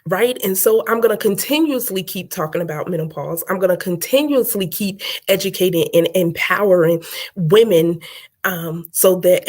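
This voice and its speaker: A middle-aged woman coaching her viewers live in a motivational talk. She punches her points with repeated phrases and keeps asking "right?" in a preachy cadence. Her voice sits at an ordinary pitch for a woman. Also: darkish tone.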